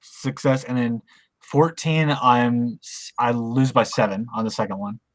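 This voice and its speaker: A man playing a tabletop game, reading out dice results and reacting in an animated way. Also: mid-range voice, unhurried. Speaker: player. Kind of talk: casual tabletop game play.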